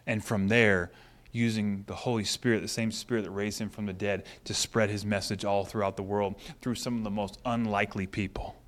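A man preaching a sermon, telling a story with animated swings between loud excitement and hushed intensity. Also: lowish voice, brisk. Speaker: pastor.

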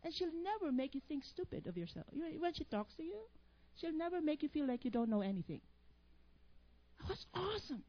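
A woman's voice: high voice, sing-song, fairly quick, no echo, dull audio. A woman preaching a sermon. She reads proverbs aloud, then stops to quiz the congregation on the missing words, with playful, teasing asides.

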